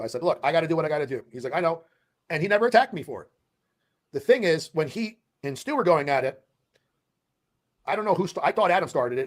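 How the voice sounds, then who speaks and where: Fast-talking man telling a rambling story. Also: a little high. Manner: profane, rambling storytelling with quoted back-and-forth. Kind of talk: casual livestream chat.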